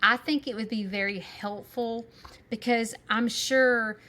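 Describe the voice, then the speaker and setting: A woman, co-hosting a podcast over a video call, animated and rambling, laughing often. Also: a little high, unhurried, a little hiss or hum. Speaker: podcast co-host. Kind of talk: casual chat.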